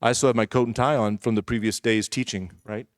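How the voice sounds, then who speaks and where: A man's voice: mid-range voice, steady tone, fairly quick, dry recording. Candid male preacher in a dry church recording. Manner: conversational, candid storytelling with asides. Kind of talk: personal testimony sermon.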